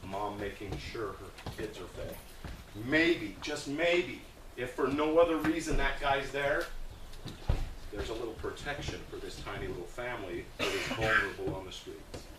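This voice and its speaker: A man's voice: on the low side, moderate pace, heavy background noise. A man giving a plainspoken, earnest storytelling talk to a group as a guest speaker, with hesitations along the way. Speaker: guest speaker about a volunteer food project. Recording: roomy sound from a distant mic.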